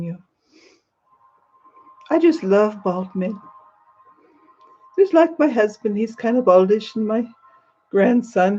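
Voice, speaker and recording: A woman's voice: medium pitch, darkish tone, muffled recording. An older woman livestream host putting on an upper-class English accent to play a gracious, gushing elderly queen who calls viewers darling. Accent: put-on upper-class English. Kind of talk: live chat in character, greeting viewers. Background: faint background music.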